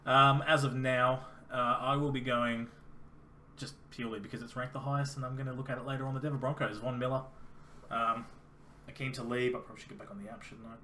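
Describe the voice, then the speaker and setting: A man's voice: medium pitch, level tone, fast talker, bright, forceful tone. A young Australian man with an Australian accent, co-hosting a casual fantasy football chat and chatting through his reasoning. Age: young adult. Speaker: podcast co-host. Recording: faint background noise.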